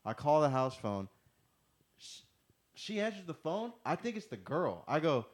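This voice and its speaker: A man's voice: fairly high pitch, a little slow. A young man telling stories in a casual podcast chat, acting out what people said to him. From Texas. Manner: animated storytelling, acting out quotes. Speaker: podcast guest.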